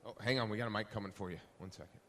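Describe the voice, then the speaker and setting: A man's voice: on the low side, racing, fairly bright tone. Man moderating a panel in a hall. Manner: upbeat, polls the audience, hands off to panelists. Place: conference hall. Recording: long hall reverb.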